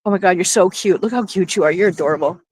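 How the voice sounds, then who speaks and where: A woman's voice: on the low side, fast talker, darkish tone, slight background noise, voice pushed down, lightly acted. A woman voicing a gushing, grateful little cat.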